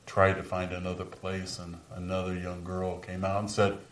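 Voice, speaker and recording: A man's voice: low-pitched, monotone, normal speed, a bit bright, a little hiss or hum. A man performing a first-person dramatic monologue as the apostle Peter, remorseful over his denial, speaking earnestly in a large room and dropping to whispers at moments of grief. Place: large room with a live audience. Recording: roomy sound from a distant mic.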